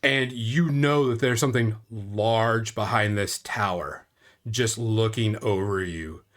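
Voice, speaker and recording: A man narrating a tabletop game as game master, in a casual, drawn-out storytelling way. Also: fairly low pitch.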